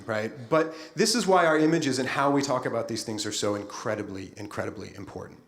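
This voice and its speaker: Middle-aged male keynote speaker, futurist, animated and playful, lively pitch. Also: fast talker, few pauses. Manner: lively, playful, talks straight to the audience. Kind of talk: conference keynote speech.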